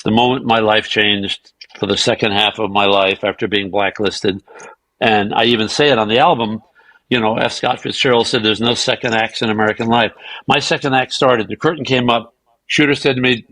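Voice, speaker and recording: A man as a podcast guest, telling animated anecdotes and acting out the dialogue of others, sometimes profane and self-mocking. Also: lowish voice, a little fast, no echo, rough recording. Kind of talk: casual storytelling interview.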